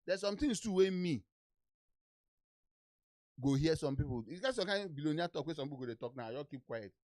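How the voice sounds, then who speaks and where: A man with a Nigerian accent, hosting a podcast and telling lively anecdotes, acting out the people he quotes. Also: a little high, fairly quick, dry recording, clean studio sound. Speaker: podcast host. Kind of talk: casual storytelling chat.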